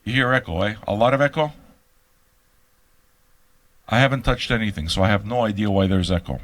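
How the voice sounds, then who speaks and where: A man's voice: fairly low pitch, a little fast, pauses often, fairly bright tone. An older man hosting an album reaction show, ranting in a brash, profane and teasing way to a live audience. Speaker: host of an album reaction channel. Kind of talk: live-streamed casual rant.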